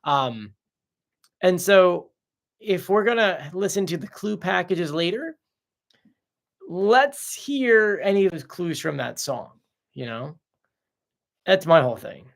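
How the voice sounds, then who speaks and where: A man's voice: a little high, gravelly. A man hosting a casual live stream, chatting off the cuff as he reads out viewer comments and answers them.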